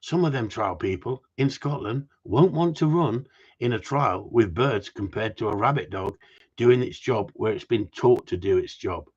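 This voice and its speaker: A man's voice: medium pitch, breathy edge, lo-fi sound. A middle-aged man answering viewers' questions about gundog training, blunt and rambling, swearing casually. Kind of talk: live stream Q&A chat.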